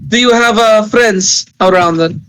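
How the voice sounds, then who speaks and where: A man's voice: high voice, a little slow, a bit bright, clear, resonant tone, low-quality recording. A man voicing a blood-drinking girl spirit from a bottle, formal in speech and gleefully morbid, with a put-on accent. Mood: courteous, curious.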